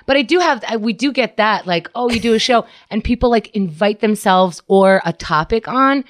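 A woman's voice: fairly high pitch, lively intonation, normal speed. Woman, podcast co-host, casual chat, laughs a lot, mimics people she quotes.

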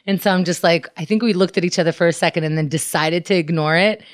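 Wry, low-voiced woman co-host. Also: fast talker. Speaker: podcast co-host. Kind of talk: casual podcast banter.

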